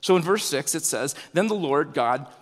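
A man preaching a sermon, animated, his pitch rising and falling with emphasis. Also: moderate pace, long reverb tail. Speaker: pastor.

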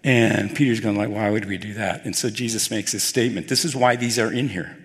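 A male pastor preaching a sermon, telling the story with animated, acted-out dialogue. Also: on the low side, brisk, husky. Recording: long hall reverb.

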